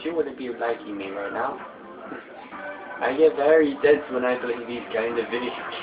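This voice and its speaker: Teen guy commenting on a game, gets loud and swears a lot, echoey room, game music behind. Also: mid-range voice, fairly quick. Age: teenager. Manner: excitable, yelling and swearing when frustrated. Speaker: gameplay commentator. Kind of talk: let's play commentary. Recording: tinny phone-like audio in an echoey room.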